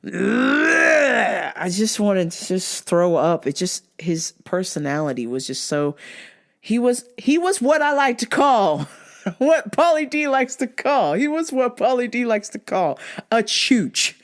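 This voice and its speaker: A young adult woman hosting a vlog, telling a story in a blunt, profane, animated way. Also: medium pitch, a little slow. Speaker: vlog host. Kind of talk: casual storytelling monologue.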